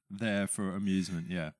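A young man from England, chatting casually as a podcast guest, self-deprecating and quick to laugh. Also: low voice, level tone, no echo, clean studio sound. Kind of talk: casual chat.

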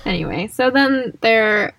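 A woman's voice: on the high side, animated, a little slow, vocal fry, fairly bright tone, no echo. Chatty woman co-hosting a book podcast. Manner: chatty, laughs often, reads passages aloud. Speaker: podcast co-host. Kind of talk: casual book discussion.

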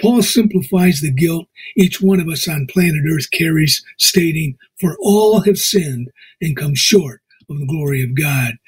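American guy preaching on the radio, slow heavy emphasis, kinda high voice, super husky. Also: expressive, rough recording. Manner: measured, emphatic preaching with slow drawn-out stresses. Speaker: radio show host. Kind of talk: scripture reading and sermon. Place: radio studio.

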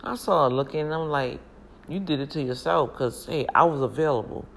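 Chatty gravelly woman telling family stories. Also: deep voice, fairly quick, a little hiss or hum. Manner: chatty, animated, laughs a lot. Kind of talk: casual storytelling to viewers.

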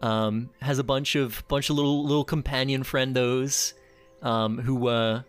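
A man, a player on a tabletop game podcast, chatting in a relaxed way with chuckles. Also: medium pitch, unhurried, smooth, faint music behind. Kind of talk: casual chat.

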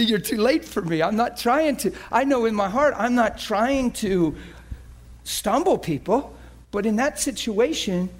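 A man preaching a sermon, telling a story with animated energy that swings from hushed to shouting. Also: sits high. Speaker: pastor.

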